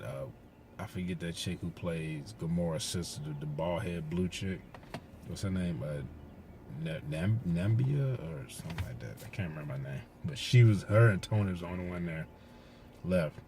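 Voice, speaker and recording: A man with a very low voice tells a movie's story in a loose, rambling way. He swears freely and gets worked up as he retells the big moments. A faint background hum sits under his voice. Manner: rambling, profane, excitable retelling. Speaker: movie reviewer. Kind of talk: casual spoiler recap.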